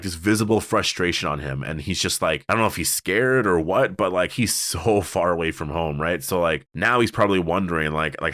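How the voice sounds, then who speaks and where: Casting: low-voiced male show reviewer, chatty and rambling, dry close mic. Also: expressive, a little fast, hardly any pauses, fairly bright tone, no echo. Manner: rambling, many fillers and restarts. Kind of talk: casual solo review.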